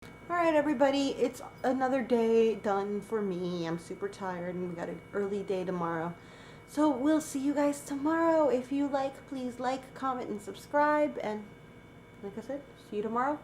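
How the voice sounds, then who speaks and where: A woman's voice: a little high, lively intonation, normal speed, a little mellow. Young woman, casual vlog chat, filler-heavy, faint room hum behind. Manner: chatty, lots of "like" fillers. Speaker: vlogger.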